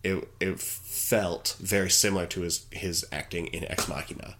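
A man's voice: deep voice, fairly even intonation, vocal fry, bright, forceful tone. A man co-hosting a podcast, earnestly defending his view of a movie in casual chat, often restarting his sentences. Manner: insistent, earnest, halting with restarts. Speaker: podcast co-host.

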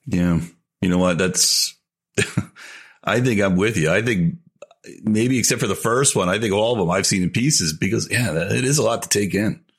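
A man's voice: fairly low pitch, normal speed, slightly rough. A man co-hosting a podcast, chatting casually in a blunt, swearing way. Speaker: podcast co-host. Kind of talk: casual chat.

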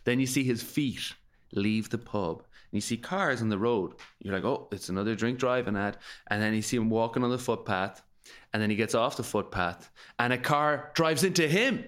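A man's voice: mid-range voice, animated, moderate pace, fairly bright tone. A man co-hosting a comedy podcast, telling a story animatedly and acting out the scenes in casual banter. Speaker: podcast co-host.

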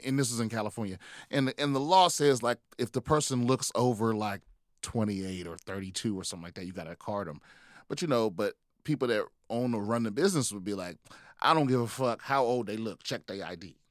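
A man's voice: fairly low pitch, no room sound, studio quality. A man co-hosting a podcast, telling stories in a rambling, profane way with many restarts. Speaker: podcast co-host. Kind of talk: casual chat.

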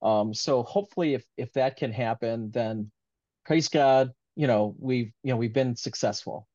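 A man of middle pitch talks earnestly and at length in a casual interview, circling back on his thoughts with heartfelt warmth. The audio is dull and lo-fi. The room is dry and close. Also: moderate pace, dry recording. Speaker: author being interviewed.

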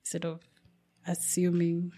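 A woman's voice: lowish voice, monotone, unhurried, dark tone. A woman hosting a podcast interview, asking empathetic, probing questions. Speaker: podcast host. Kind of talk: interview conversation.

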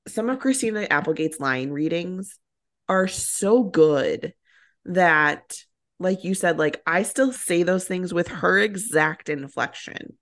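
A woman's voice: fairly low pitch, animated, slow pace. A woman co-hosting a podcast, chatting enthusiastically about a movie with lots of fillers. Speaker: podcast co-host. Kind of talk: casual chat.

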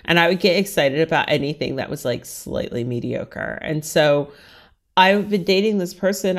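Woman, from the D.C. area, interview guest, frank and chatty, slightly low voice. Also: normal speed. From Washington, D.C. area. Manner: frank, chatty, heavy use of "like". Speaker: interview guest, writer and stylist. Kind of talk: candid personal interview conversation.

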